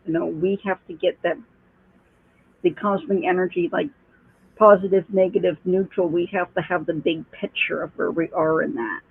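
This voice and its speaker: A woman giving a calm, reassuring rune reading as a psychic reader. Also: on the low side. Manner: calm, reassuring, explains slowly. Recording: dry, husky phone-line call.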